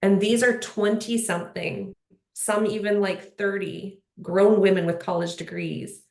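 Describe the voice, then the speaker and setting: A woman's voice: mid-range voice, steady tone, a little slow, vocal fry, a little mellow. A woman speaking on a panel in casual conversation, earnest and rambling, with lots of "like" and "you know". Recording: roomy echo.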